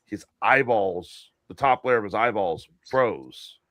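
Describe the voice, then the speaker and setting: Bright-voiced curious male co-host. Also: fairly low pitch, animated, slow, no echo, clean studio sound. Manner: curious, asks questions, tells stories. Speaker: podcast co-host. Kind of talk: casual chat.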